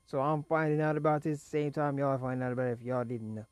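A man's voice: medium pitch, little pitch movement, fast talker, dry recording. A man casually recapping wrestling results in a rambling, chatty way, fighting a cough and laughing between points. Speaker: wrestling show reviewer.

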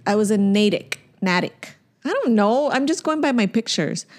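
A woman's voice: a little high, animated, a little fast, a little mellow. A woman co-hosting a casual podcast chat, telling stories in a loose, rambling way with lots of fillers and restarts. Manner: chatty storyteller, many fillers and restarts. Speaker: podcast co-host.

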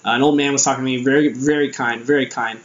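A man's voice: medium pitch, steady tone, fast talker, echoey room, muffled recording. A young American man telling a casual story about his time abroad, rambling with lots of fillers and restarts. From United States. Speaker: vlogger.

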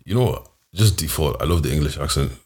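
A man's voice: very deep voice, expressive, brisk, a little mellow. A man co-hosting a podcast in casual chat, rambling with lots of fillers and restarts. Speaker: podcast co-host.

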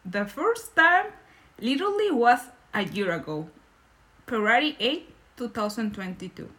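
A woman from Nicaragua, a podcast guest telling stories in lively, English and laughing often. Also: a little high, a little slow. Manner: animated, laughing, non-native English phrasing. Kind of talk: casual storytelling in conversation.

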